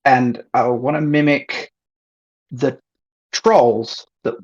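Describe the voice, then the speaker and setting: A man playing a tabletop game, hesitant with many pauses. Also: mid-range voice, fairly even intonation, breathy edge. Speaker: player. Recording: slightly muffled mic.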